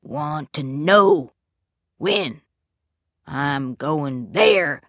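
Woman reading as a scary unhinged dad in an audiobook, creepy slow murmurs then bellowing rage, dry close sound. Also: low-pitched, animated, fairly bright tone, no echo, full character voice. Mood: eerie, slow. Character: menacing, unhinged father, a grown man.

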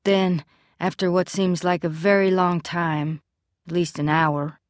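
Low-voiced woman reading a story. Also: flat delivery, unhurried, dry recording, clean studio sound. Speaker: audiobook narrator. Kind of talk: scripted first-person narration.

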